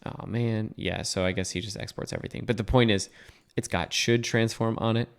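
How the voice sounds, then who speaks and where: A young man with a fairly low voice walks through a coding tutorial as he shares his screen. He talks casually and thinks aloud, with plenty of fillers and self-corrections along the way. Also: fairly even intonation, fairly quick, vocal fry, clean tone. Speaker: web developer teaching a coding tutorial.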